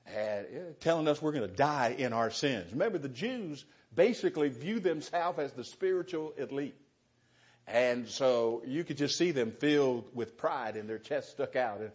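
A man's voice: medium pitch, normal speed. Man teaching scripture on a dull, lo-fi recording. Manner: conversational, explaining with rhetorical questions. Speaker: Bible teacher. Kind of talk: verse-by-verse Bible teaching.

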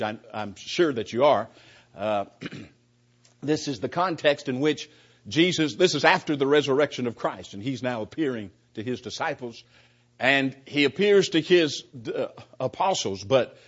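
A man's voice: medium pitch, muffled recording. A man teaching the Bible in a conversational sermon style, often repeating words and acting out both sides of an exchange. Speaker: preacher.

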